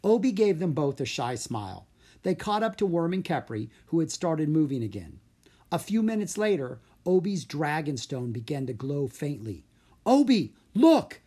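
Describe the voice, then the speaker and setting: Brief: lively storybook narrator, breathy tone. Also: mid-range voice, normal speed. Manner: expressive storytelling. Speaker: audiobook narrator. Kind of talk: children's book narration.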